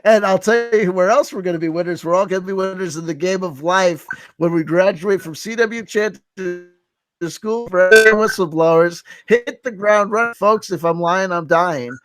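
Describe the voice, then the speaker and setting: A male livestream host counts votes with excitable, theatrical outbursts. His voice sits a touch high. It is recorded dry and close to the mic, with no room sound. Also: normal speed, no echo. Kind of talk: live-streamed group chat.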